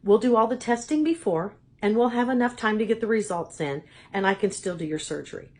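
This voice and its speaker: A woman voicing a calm, firm female doctor on the phone, who speaks in a quiet, measured way. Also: medium pitch, natural voice.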